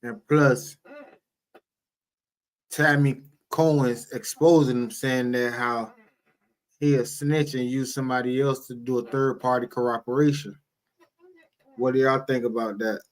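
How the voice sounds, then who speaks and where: Hyped male streamer, flat delivery. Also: mid-range voice, poor audio. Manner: hyped, rapid greeting with calls to subscribe. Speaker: streamer host. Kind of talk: casual reaction-stream intro.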